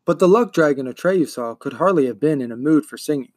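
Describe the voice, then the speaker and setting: A man reading a novel aloud in a measured, deliberate storytelling voice. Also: a little high, lively intonation, a little mellow, no room sound, clean studio sound. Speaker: reader. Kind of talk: audiobook reading.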